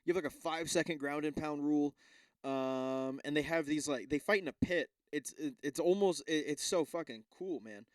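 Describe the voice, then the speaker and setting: Young guy rambling on his podcast, swears a lot, trips over reading stuff out, kinda high voice. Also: moderate pace, dry recording. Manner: rambling, swears often, stumbles over read-aloud text. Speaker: podcast host. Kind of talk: casual solo podcast chat.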